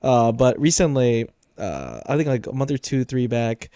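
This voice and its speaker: A young man co-hosting a casual podcast, telling a story in a relaxed, halting way with lots of fillers. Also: medium pitch, smooth, no echo, clean studio sound. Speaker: podcast co-host.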